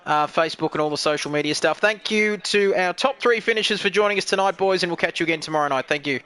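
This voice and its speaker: A man's voice: high voice, quick pace, bright, forceful tone, clean tone. A man commentating a sim racing live stream, chatty and upbeat as he wraps up the show. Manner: upbeat, chatty sign-offs. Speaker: race commentator.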